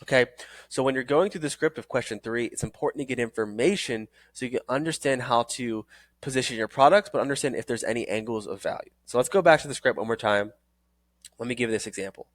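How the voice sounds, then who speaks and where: An energetic man coaching trainees through a sales script. He repeats phrases for emphasis and talks straight to the listener. The sound is dry and close, with little room in it. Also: medium pitch, fast talker, dry recording. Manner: acts out sales calls in several voices. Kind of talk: recorded training course.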